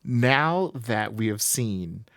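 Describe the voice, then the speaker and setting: A man co-hosting a podcast, excitedly recapping a comic book issue, laughing often and acting out the characters' lines. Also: fairly low pitch, very slow, gravelly, no echo, studio quality. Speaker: podcast co-host.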